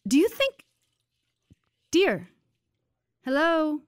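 A woman playing a gentle, reassuring missionary mother in a family radio drama. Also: sits high, sing-song, extremely slow, no echo, clean studio sound, exaggerated voice. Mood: concerned.

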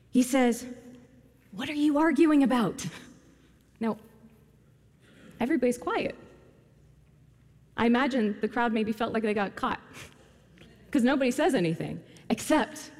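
A woman preaching a sermon, retelling a scripture story and addressing her congregation directly. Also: fairly high pitch. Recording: long hall reverb.

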